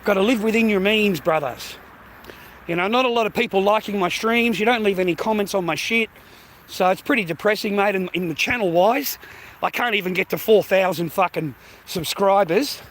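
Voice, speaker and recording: A man's voice: high voice, moderate pace, a bit bright. A middle-aged Australian man chatting and swearing on a casual vlog while walking, calling viewers mate and bro. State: out of breath carrying a heavy bag. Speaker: vlogger. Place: outdoors walking in street. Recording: faint traffic noise outdoors.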